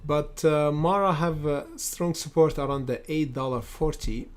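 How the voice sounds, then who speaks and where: A man's voice: on the high side, a little slow. A man hosting a live trading stream, thinking aloud with many fillers and repeated phrases, and addressing viewers as guys and brother. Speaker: day-trading livestream host. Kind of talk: live market commentary.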